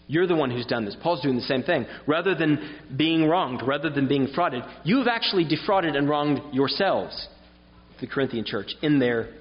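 Male preacher, earnest and explanatory sermon delivery, recorded dull and reverberant in a hall. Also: fairly high pitch.

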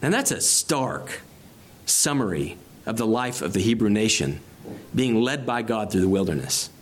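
A man's voice: on the low side, big pitch swings, moderate pace, slight background noise. A man preaching an expository sermon, reading scripture aloud and explaining it verse by verse with rising emphasis on key phrases. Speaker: pastor.

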